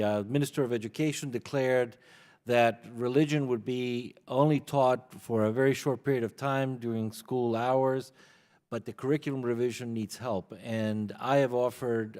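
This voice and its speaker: A man's voice: medium pitch, darkish tone. A man giving testimony as a witness at a committee hearing, earnest and prone to repeating words as he begins a point. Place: large hearing room. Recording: long hall reverb.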